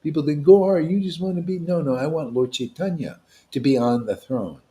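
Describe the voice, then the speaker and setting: A man preaching to a devotional gathering, emphatic and confrontational, with casual slang, swinging between loud declarations and hushed asides. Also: fairly high pitch, brisk. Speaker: spiritual teacher at a devotee gathering. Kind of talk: impassioned devotional sermon.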